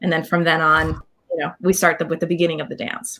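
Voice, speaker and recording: A woman guest talking in an animated, casual interview, scatting rhythms and acting out what others said. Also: low-pitched, fast talker. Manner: animated, scats dance counts, acts out quotes. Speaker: guest performer.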